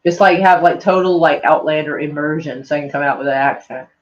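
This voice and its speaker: A man with a noticeably high voice chats loosely on a live stream, looping through "like" and casual swearing. A mild speech impediment colours his words. The audio is dull and lo-fi, like a cheap home setup. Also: a little fast. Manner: loose and meandering, heavy on "like", swears freely. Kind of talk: casual rambling stream chat.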